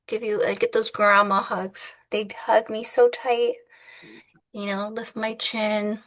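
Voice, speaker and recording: A woman's voice: medium pitch, flat delivery, slow pace, a bit bright. A woman from Southern California interviewing a guest, talking earnestly and repeating phrases for emphasis. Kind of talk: casual conversation.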